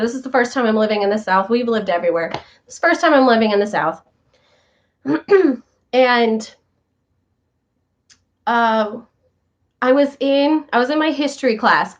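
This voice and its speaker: Chatty high-voiced woman, lo-fi sound. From northern United States. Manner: chatty, animated storytelling with quoted voices. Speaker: show host. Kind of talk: casual chat to viewers. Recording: slightly dull lo-fi sound.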